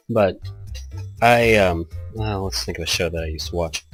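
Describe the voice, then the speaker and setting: A man's voice: low-pitched, unhurried, faint music behind. A man hosting a let's play, talking casually and rambling as he reacts to the game. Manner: rambling, chatty, laughs often. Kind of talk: casual commentary over a game.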